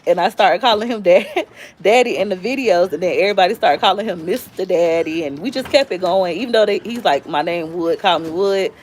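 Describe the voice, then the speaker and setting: Animated woman telling stories. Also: fairly quick, a little hiss or hum. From Tampa, Florida. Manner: animated storyteller, squeals high when quoting. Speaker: live-stream host. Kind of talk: casual storytelling chat.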